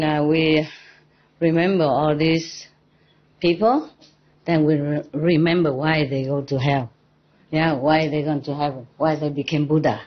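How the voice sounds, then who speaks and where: A woman spiritual teacher giving an informal dharma talk to a gathering, playful and teasing, often laughing. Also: low-pitched. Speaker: spiritual teacher addressing disciples. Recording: dull lo-fi recording.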